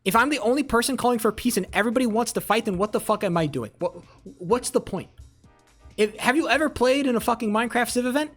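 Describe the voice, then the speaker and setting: Streamer going off, swearing a lot, repeats stuff, mid pitch, quiet music behind. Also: expressive, fast talker. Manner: heated, profane, repeats phrases for emphasis; talks back to chat messages. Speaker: live streamer. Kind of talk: casual live-stream political rant.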